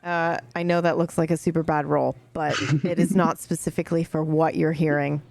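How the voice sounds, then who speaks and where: A woman running a tabletop game as game master, excitable and swearing freely. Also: low-pitched, brisk, vocal fry, hardly any pauses, no echo.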